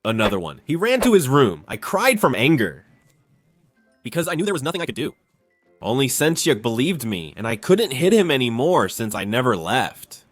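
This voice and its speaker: A man's voice: medium pitch, normal speed, dry recording, soft background music. A young man narrating a childhood story in a casual, conversational storytime style. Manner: animated, conversational.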